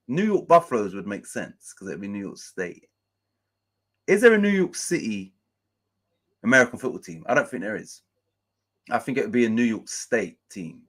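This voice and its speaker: A man's voice: mid-range voice, animated, moderate pace, long pauses. A man hosting a casual live match-day stream, chatting loosely, swearing freely and reading out chat messages and scores.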